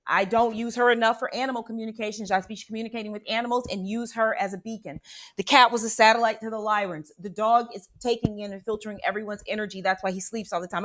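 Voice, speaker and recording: A woman with a mid-range voice runs a spiritual radio show, where she dramatically and animatedly narrates a personal story while frequently checking in with her listeners.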